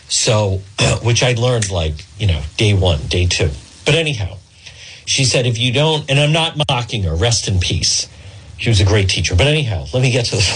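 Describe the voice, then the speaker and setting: Husky middle-aged radio host, rambling. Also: male voice, fairly low pitch, fairly bright tone, low-quality recording. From Rhode Island. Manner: rambling, digressive storyteller. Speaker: radio talk show host. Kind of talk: talk radio monologue.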